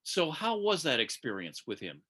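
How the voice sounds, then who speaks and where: A man's voice: a little high, huge pitch swings, moderate pace, pushed and bright, breathy edge. A man hosting an interview, asking questions with enthusiastic, encouraging reactions. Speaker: interview host.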